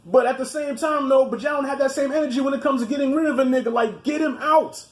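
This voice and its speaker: A man with a fairly high voice chats casually as host, telling animated, profane stories. The sound is echoey, as in a bare room. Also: fast. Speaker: video host. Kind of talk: casual chat.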